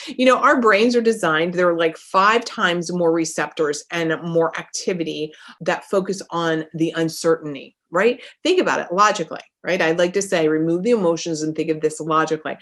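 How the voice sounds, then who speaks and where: A woman coach delivers a motivational podcast monologue, pressing her points with energy and repetition. Her voice sits a little lower than most women's. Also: normal speed. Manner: energetic and emphatic, repeats phrases for effect. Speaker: life coach and podcast host.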